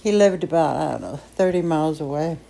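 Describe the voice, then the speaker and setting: A low, mellow older woman tells a story from her own life in a loose, chatty way. She is emotive and restarts her sentences often. Her voice sits on the lower side, warm rather than bright. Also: expressive, brisk, creaky. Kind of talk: casual personal storytelling.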